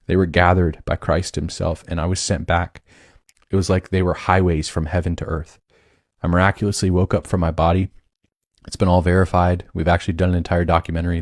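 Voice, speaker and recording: A man giving a personal testimony in a forceful, declarative way. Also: deep voice, no room sound, studio quality.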